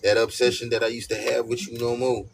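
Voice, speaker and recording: In a mid-range voice at a quick clip, a man gives a laid-back tarot reading, hammering his points and repeating them. "You know what I'm saying" comes up again and again, with birdsong and a steady hum behind him.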